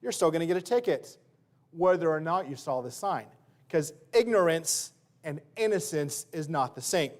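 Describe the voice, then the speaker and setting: A man's voice: fairly high pitch, lively intonation, moderate pace. A male pastor preaching a sermon in church, conversational and full of everyday examples.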